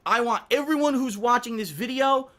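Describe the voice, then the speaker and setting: A man with a high-pitched, sharp and forceful voice delivers an indignant rant straight to camera. He hammers his points home by repeating whole phrases, his speech swelling with grievance. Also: normal speed. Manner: emphatic, repetitive, indignant. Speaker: content creator. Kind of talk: emotional ranting speech to camera.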